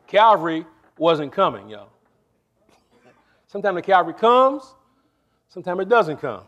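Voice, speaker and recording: Delivering a sermon in a high-pitched voice, a male pastor alternates slow, emphatic lines with hurried asides. He keeps asking his congregation for a response.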